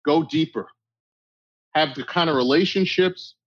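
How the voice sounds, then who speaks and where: A man's voice: a little high, unhurried, no room sound. A middle-aged man talking bluntly and emphatically in an interview, giving tough-love advice. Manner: blunt, emphatic tough-love delivery, acts out quoted exchanges. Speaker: guest speaker. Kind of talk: conversational interview talk. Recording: dull lo-fi dry recording.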